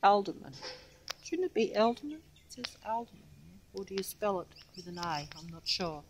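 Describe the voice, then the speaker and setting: A woman's voice: medium pitch, very animated, normal speed, a little hiss or hum, poor audio. An older woman vlogging outdoors, rambling and losing her place as she reads a plaque, often out of breath. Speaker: local history vlogger. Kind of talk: rambling walking vlog.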